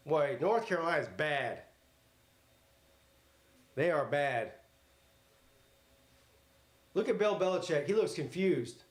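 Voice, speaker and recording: A man's voice: fairly high pitch, expressive, measured pace, long pauses. Joking man hosting a live game stream. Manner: joking, crude, reads chat aloud. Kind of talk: live watch-party commentary.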